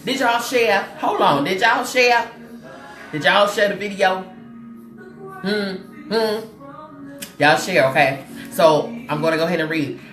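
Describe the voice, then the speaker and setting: A woman's voice: medium pitch, expressive, slow, pauses often, a bit bright, roomy sound, soft background music. A woman from Chicago hosting a casual motivational livestream, laughing often, repeating herself and checking in with viewers directly. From Chicago, USA. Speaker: host.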